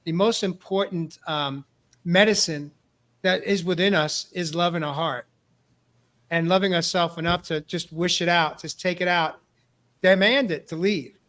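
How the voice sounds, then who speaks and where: A man's voice: high-pitched, unhurried, a bit bright. A male host talking earnestly in a casual discussion, often repeating words as he starts a thought. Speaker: podcast host. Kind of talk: casual talk show discussion.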